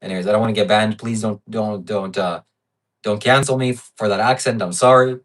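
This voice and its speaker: A man's voice: fairly low pitch, fairly even intonation, a little fast, recorded from a distance. A man hosting a livestream, reading viewer donations in blunt, brash, profane casual chat. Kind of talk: casual live-stream chat.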